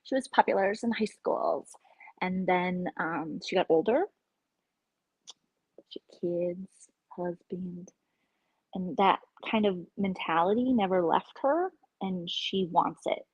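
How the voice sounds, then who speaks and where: A woman's voice: on the low side, slow pace, husky, no room sound, lo-fi sound. A woman hosting a casual live-stream chat, gossiping candidly and sometimes dropping to a whisper.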